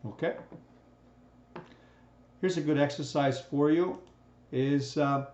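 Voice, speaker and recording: A man's voice: fairly high pitch, mellow. Man lecturing in a roomy, dull recording. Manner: conversational, repeats "right?" often, frequent restarts. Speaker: instructor.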